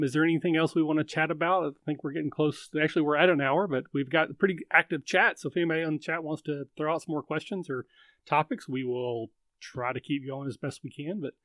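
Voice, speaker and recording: A man's voice: a little high, brisk, fairly bright tone, no echo. A man hosting a casual live chat show, chatting easily and reading out viewer questions.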